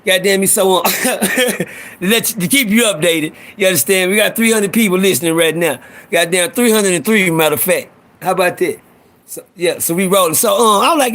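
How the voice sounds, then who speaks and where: A man's voice: high voice, lively intonation, moderate pace, fairly bright tone. A man hosting a live stream, telling rowdy, profane stories and acting out the voices of people in them. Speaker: host. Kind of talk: storytelling on a live audio stream.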